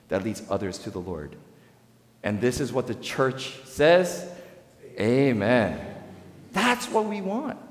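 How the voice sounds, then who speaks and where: A male pastor preaching a sermon, swinging between loud, rising emphasis and quiet, low asides. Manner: dynamic preaching with sharp swings in pitch and volume. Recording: echoey hall with long reverb.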